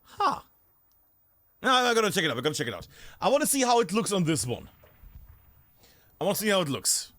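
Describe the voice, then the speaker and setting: Chatty male streamer, lively pitch. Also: a little fast, pauses often, dry recording. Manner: chatty, thinking aloud, self-interrupting. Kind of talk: live game stream commentary.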